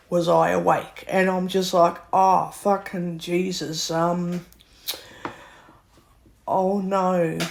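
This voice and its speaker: A woman vents in a long vlog rant. She talks slowly and deliberately, leaning hard on her words and acting out other people's lines in her own voice. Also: medium pitch. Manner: slow, emphatic venting with acted-out quotes. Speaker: vlogger. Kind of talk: ranting monologue.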